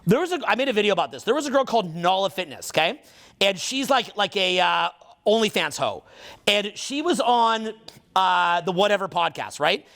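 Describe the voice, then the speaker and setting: A social skills coach with a high, bright-toned voice launches into an unscripted rant, very animated and full of profanity. He talks fast and gets on a roll, his heated, emphatic monologue gathering speed as it goes.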